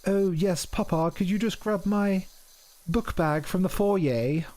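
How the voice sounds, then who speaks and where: A man voicing a prim, posh upper-class English youngster, with a drawn-out, mock-refined delivery and a posh English accent. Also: sits high, a little mellow, pitched above the performer's own voice. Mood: prissy.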